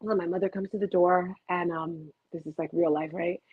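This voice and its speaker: A woman's voice: on the low side, fairly even intonation, normal speed, slightly rough, dry recording. A middle-aged woman hosting a rambling live motivational talk, chatty and prone to tangents, telling stories animatedly into her computer webcam at home. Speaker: motivational host. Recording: tinny phone-like dry audio.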